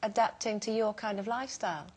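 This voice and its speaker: A woman's voice: mid-range voice, fast, a little mellow, slightly rough. A woman co-hosting a TV chat show, asking probing questions with hesitant restarts. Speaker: co-host. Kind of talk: TV studio chat.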